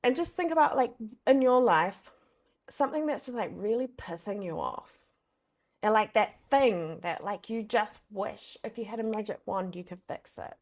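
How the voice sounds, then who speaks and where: A woman's voice: mid-range voice, animated, moderate pace. Chatty swearing woman coach. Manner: chatty, swears freely, many fillers like "like". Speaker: boundaries coach. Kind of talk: casual masterclass talk.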